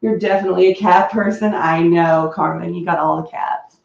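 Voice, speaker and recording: A woman's voice: fairly low pitch, fairly even intonation, moderate pace, creaky, echoey room, lo-fi sound. A woman chatting casually while getting ready at home, bubbly and rambling, laughing often and prone to coughing fits. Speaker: beauty vlogger. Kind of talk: casual chat.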